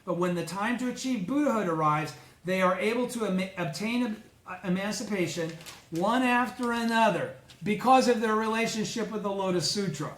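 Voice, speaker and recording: A man leading a study group, reading scripture aloud and explaining it with slow, emphatic asides. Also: high voice, fairly bright tone, echoey room, slight background noise.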